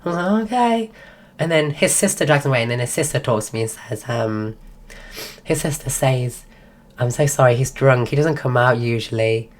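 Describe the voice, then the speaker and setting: Speaking briskly, a woman with a remarkably deep voice spins a long, meandering tale on a stream, peppered with "like" and false starts. Her voice is failing because she is ill, and the talk is casual storytelling.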